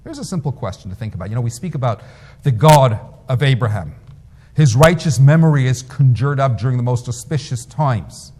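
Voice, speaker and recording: Rabbi preaching in a reverberant hall. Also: male voice, medium pitch, expressive, brisk, a little mellow. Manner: storytelling, emphatic. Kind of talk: sermon. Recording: long reverb.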